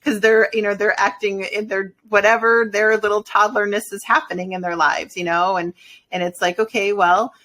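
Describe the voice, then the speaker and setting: Woman telling an animated story. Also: medium pitch, normal speed. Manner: animated storytelling with laughs and quoted asides. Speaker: podcast co-host. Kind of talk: casual podcast chat.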